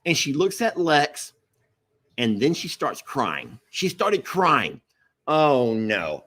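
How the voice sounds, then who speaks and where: A man's voice: on the high side, fairly bright tone. A man casually telling a family story to his live viewers, acting out quotes and apologizing with a laugh.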